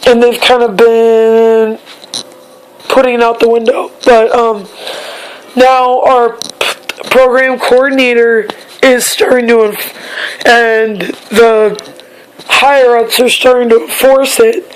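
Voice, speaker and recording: A young woman, a bit hoarse, talking in a casual personal vlog, halting and repeating herself as she searches for words. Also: a little high, little pitch movement, a little hiss or hum, poor audio. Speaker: vlogger.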